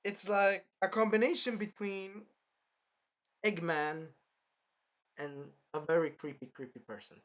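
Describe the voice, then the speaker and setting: A man reviewing an anime episode in casual chat, animated and swearing, acting out lines from the show as he goes. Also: sits high, measured pace, long pauses. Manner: animated, swearing, retells scenes in put-on voices.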